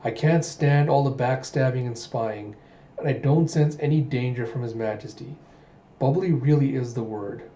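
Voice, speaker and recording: Man reading as a blunt lazy young guard, offhand, mellow voice, roomy echo. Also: medium pitch, normal speed, slight background noise, natural voice. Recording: dull roomy home recording.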